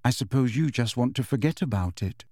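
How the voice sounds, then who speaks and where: A man voicing a gentle teenage schoolgirl in an audiobook, speaking softly and haltingly through tears. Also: mid-range voice, lively intonation, no echo, clean studio sound, lightly acted. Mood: tearful. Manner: halting, tearful delivery. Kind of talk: audiobook character voice.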